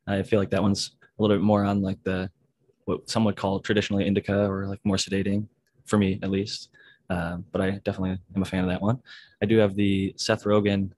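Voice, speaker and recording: A man's voice: lowish voice, flat delivery, quick pace, a little mellow, dry recording. A man hosting a casual group chat on a video call, talking in a laid-back, rambling way. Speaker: host.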